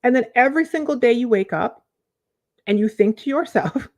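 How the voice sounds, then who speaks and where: Woman life coach, talking to camera, lively, repeats key phrases. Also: fairly high pitch, normal speed. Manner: animated, conversational, repeats phrases for emphasis. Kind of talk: direct-to-camera coaching talk.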